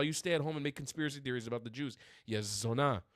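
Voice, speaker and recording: A man's voice: medium pitch, fast, few pauses, fairly bright tone, no echo, clean studio sound. A man hosting a political commentary stream, ranting in furious, profane outbursts. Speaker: streamer host.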